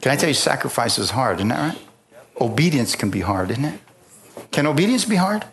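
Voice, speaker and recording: A man's voice: medium pitch, sing-song, brisk, creaky, fairly bright tone. A man preaching a sermon, telling a personal story in a folksy way and asking the congregation for agreement. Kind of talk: sermon testimony. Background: guitar music.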